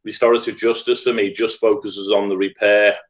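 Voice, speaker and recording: A man's voice: on the low side, little pitch movement, brisk. A middle-aged man with a Scouse accent, speaking earnestly and thoughtfully as a podcast guest. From Liverpool, England. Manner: earnest, thoughtful, builds points in lists. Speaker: guest, restorative practice trainer. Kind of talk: reflective podcast conversation.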